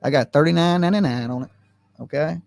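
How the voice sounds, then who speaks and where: Speaking quickly in a fairly high, gravelly voice, this male commentary streamer tells profane, animated stories full of asides and rhetorical questions. The recording is dry and studio quality.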